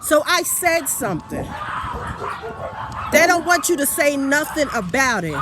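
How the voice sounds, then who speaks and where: A woman's voice: sits high, expressive, a little slow, a bit bright, slight background noise. A woman telling a story in a casual, emphatic, rambling monologue. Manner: rambling with many fillers and restarts. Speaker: vlogger.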